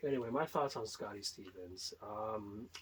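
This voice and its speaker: A man's voice: on the low side, normal speed, a bit bright, slight background noise. A man on a wrestling talk show panel who speaks hesitantly, stumbling and restarting his sentences.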